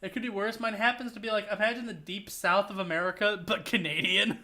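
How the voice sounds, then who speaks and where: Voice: medium pitch, fairly even intonation, a little fast, sharp tone. A streamer chatting casually while gaming, rambling with lots of filler words.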